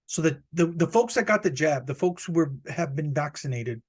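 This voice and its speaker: A man hosting a podcast, talking in a rambling, profane, joking monologue that jumps up high when he plays indignant. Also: expressive, moderate pace, breathy edge. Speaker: podcast host. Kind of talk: casual comic podcast monologue.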